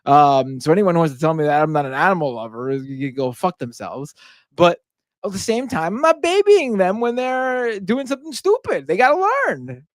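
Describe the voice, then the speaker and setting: Animated, cursing male stream host. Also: sits high, moderate pace, no echo, studio quality. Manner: animated, profane, indignant ranting. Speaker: livestream show host. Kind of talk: casual live-stream chat reading super chats.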